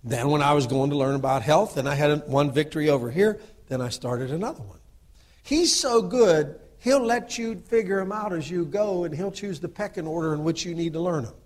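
A middle-aged man delivers a brisk sermon, dropping into low asides before rising to loud exhortation. He frequently asks his audience to agree with him.

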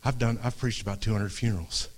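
A man of middle age delivering a heartfelt sermon in a drawl. His fairly low voice sinks to near-whispers, then climbs with fervor, and he stumbles back over his words as he goes. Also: steady tone, quick pace. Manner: earnest, swings from hushed to raised, restarts phrases. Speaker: pastor. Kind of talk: impassioned sermon. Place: church before a congregation.

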